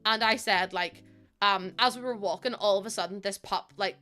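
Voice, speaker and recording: A woman's voice: medium pitch, moderate pace, sharp tone, faint music behind. A woman streaming from home into a desk microphone, chatting casually in a rambling storytelling way with lots of fillers. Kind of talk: casual live-stream chat while playing a game.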